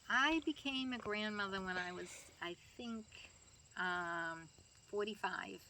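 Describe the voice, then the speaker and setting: A woman's voice: medium pitch, takes it slowly, pushed and bright, slight background noise. An older woman, a grandmother, telling family stories in a chatty way, laughing and acting out the people she quotes. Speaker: grandmother being interviewed. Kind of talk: family storytelling interview.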